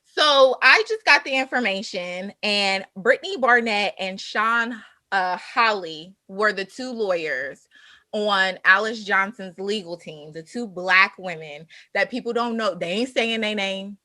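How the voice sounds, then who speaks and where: A woman co-host talks in a bright, sharp voice, forceful and impassioned as she lectures her listeners. The sound is dry and close, with no room around it. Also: mid-range voice, a little slow, dry recording. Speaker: podcast co-host. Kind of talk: casual chat.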